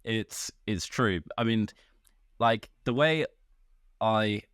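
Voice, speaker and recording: A man's voice: fairly low pitch, slow pace, fairly bright tone, clean tone, dry recording, clean studio sound. A man co-hosting a podcast, chatting casually and teasing his co-host in a supportive way. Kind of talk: casual chat.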